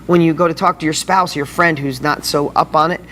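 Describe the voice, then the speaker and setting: A man's voice: a little high, brisk, slight background noise. Guy hosting a motivational vlog, all pumped up, talks right to the camera viewers. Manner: excited, fired-up motivational delivery. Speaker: video blog host. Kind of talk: motivational video blog.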